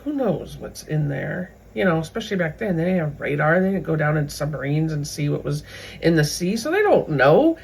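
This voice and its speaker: A woman's voice: low-pitched, sing-song, a little fast, creaky, a little mellow, slight background noise, poor audio. A woman hosting a faith video series, teaching a Bible story in a conversational way with many asides. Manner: conversational, retells scripture in everyday words with many asides.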